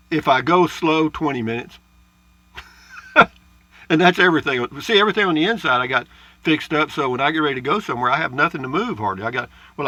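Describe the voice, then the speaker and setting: This RV vlogger's medium-pitched voice sounds pushed and bright, captured dry. He reads out viewer comments from his travel trailer in a casual, folksy ramble, frequently saying uh and drifting into asides.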